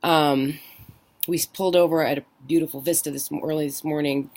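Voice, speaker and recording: A middle-aged woman in casual chat, telling a rambling, animated story and acting out the phone calls she quotes. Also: sits low, fairly quick. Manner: rambling with many restarts. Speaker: vlogger.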